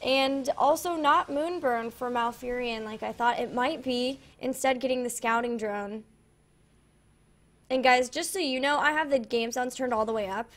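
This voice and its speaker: A woman casting an esports match, introducing the players and calling the action in brisk, upbeat play-by-play. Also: sits high, fairly bright tone. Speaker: esports caster. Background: faint game music.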